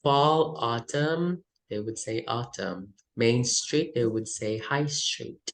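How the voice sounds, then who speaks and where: A woman runs a vocabulary lesson for test prep. She speaks slowly and deliberately, reading out word pairs and adding quick Tagalog asides. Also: a bass voice, rough recording. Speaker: English test coach.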